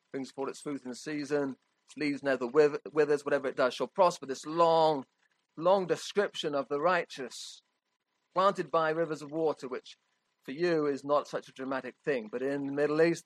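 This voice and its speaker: A man's voice: on the high side, dry recording, rough recording. A man preaching a sermon in a conversational, emphatic way, often checking in with his listeners.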